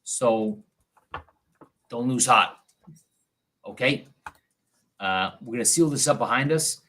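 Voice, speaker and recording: A man's voice: medium pitch, animated, slow pace, bright, forceful tone, low-quality recording. A man playing in an online tabletop game, talking casually and often stumbling and repeating words. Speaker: player.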